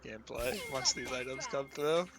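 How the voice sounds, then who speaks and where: A man's voice: medium pitch, normal speed. A man co-casting a live esports match, giving casual analysis and short reactions. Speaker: esports co-caster. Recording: loud music playing underneath.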